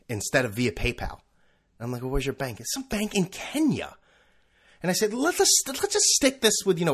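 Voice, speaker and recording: A man's voice: medium pitch, a bit bright. A man hosting his own podcast, ranting casually with sarcasm and frequent swearing. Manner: profane, sarcastic, acts out quoted voices. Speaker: podcast host. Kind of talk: casual solo podcast rant.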